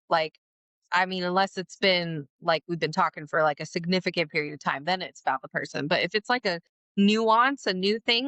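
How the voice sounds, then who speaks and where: A woman's voice: lowish voice, sharp tone, dry recording. Earnest, reflective woman podcast co-host. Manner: reflective, filler-heavy, earnest. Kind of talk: casual podcast chat.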